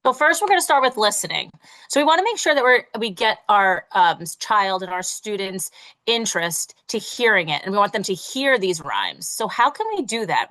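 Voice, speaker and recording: A woman's voice: mid-range voice, fairly bright tone, poor audio. A woman teacher presenting a parent workshop, explaining in a friendly way with small fillers.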